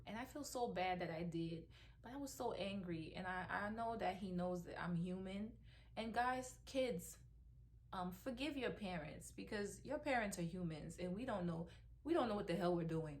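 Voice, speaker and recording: A woman's voice: on the low side, animated, normal speed, slight background noise. A middle-aged woman, a mother, talking emotionally in a heartfelt personal vlog, with lots of ums and restarts. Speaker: mother vlogger.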